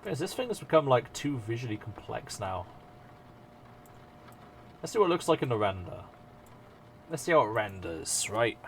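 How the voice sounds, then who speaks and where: Male streamer, casual live chat, animated delivery, swears freely, self-mocking. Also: mid-range voice, normal speed, gravelly, pauses often, a little hiss or hum.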